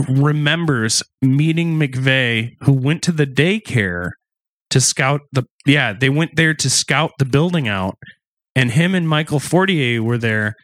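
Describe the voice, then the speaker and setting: A man's voice: mid-range voice, fairly bright tone, no echo. A man co-hosting a casual true-crime podcast, talking loosely with asides and restarts. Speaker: podcast co-host.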